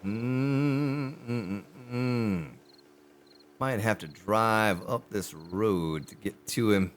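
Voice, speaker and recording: A man's voice: very slow, a little hiss or hum. A man streaming a survival game live, chatting with his viewers as he plays. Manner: animated, pitch jumps on exclamations. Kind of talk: live gameplay commentary.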